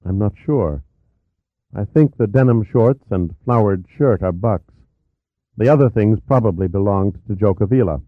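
A man voicing a wealthy widow who speaks in a flat, clipped, controlled way. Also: fairly low pitch, normal speed, dry recording, natural voice. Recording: tinny narrow-band audio.

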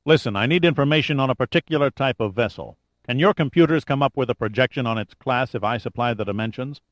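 A man reading an audiobook, voicing a calm, precise male adventurer close to his own voice. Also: mid-range voice, fast talker, no room sound, lo-fi sound, lightly acted.

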